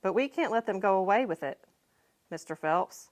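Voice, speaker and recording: A woman's voice: mid-range voice, animated, normal speed, a little mellow, lightly acted. A woman puts on a scrappy storybook schoolboy, boastful and defiant, pushing his voice up and out. He talks back with cheek. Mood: pleading.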